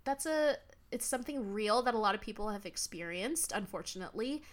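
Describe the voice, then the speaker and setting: A woman's voice: medium pitch, animated, brisk. A woman in a casual podcast chat about a film, laughing often and acting out the characters' lines. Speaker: podcast co-host.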